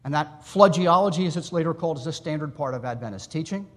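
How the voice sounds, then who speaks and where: A man's voice: on the high side, lively intonation, a bit bright. Man lecturing in an echoing hall. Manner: measured, explanatory, with asides to the audience. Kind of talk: academic lecture. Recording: long reverb in a hall.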